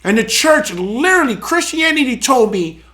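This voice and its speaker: A man's voice: very high-pitched, sing-song, normal speed, pushed and bright. A man hosting a live show, preaching emphatically and animatedly on scripture, often repeating words. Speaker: show host and church elder.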